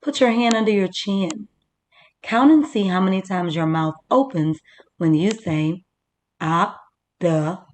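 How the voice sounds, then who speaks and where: Slow, careful woman teaching young children. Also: mid-range voice, darkish tone. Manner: slow, clearly sounding out words for children. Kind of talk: teaching a first-grade reading lesson.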